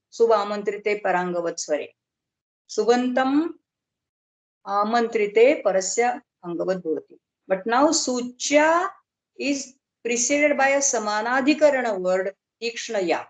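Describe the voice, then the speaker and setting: A middle-aged woman lecturing on a video call, explaining slowly and carefully and drawing out technical terms. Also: a little high, low-quality recording. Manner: measured, explanatory, slow on terms. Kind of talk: online academic lecture.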